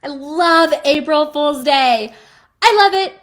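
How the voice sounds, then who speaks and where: A chatty woman in her thirties talks casually to her viewers, animated and quick to laugh. Her voice sits a bit high and sounds bright and lively. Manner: chatty and animated, laughing as she tells stories. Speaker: vlogger and mom. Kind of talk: casual chat to camera.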